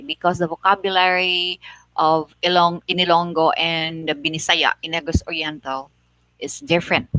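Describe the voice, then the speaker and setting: A Filipino woman vlogging casually, speaking slowly and expressively and acting out example phrases in a sing-song voice. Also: on the low side, a bit bright, dry recording, rough recording. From Philippines. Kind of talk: casual explanatory vlog.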